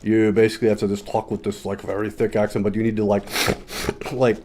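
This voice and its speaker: A man's voice: little pitch movement, quick pace, warm tone. A man streaming a video game, muttering casual commentary with frequent swearing. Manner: muttering, swearing, low-key.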